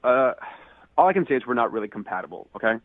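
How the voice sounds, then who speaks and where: A man's voice: mid-range voice, sing-song, quick pace, no echo. A man calling in to a radio show, talking with exaggerated, indignant outrage over a phone line. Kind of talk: radio prank call.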